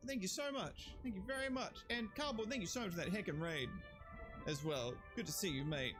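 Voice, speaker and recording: A man's voice: high-pitched, brisk. A man chatting casually on a live stream, rambling, joking and swearing as he thanks viewers, his voice a bit strained and sore. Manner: rambling, jokey, swears freely, shouts out viewers. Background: music playing under the voice.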